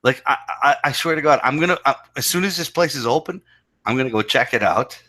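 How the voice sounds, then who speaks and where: A man's voice: medium pitch, animated, fast talker, bright, forceful tone. A man co-hosting a casual chat podcast, talking in an incredulous, profane and emphatic way. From Canada. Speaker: podcast co-host.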